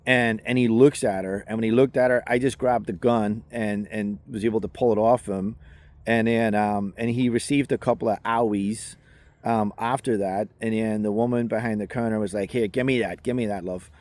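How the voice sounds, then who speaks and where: Here a Northern Irish self-defense instructor shares a personal anecdote in an easygoing way, dotted with fillers. The lowish, darkish voice stays fairly even in intonation and moves at a moderate pace.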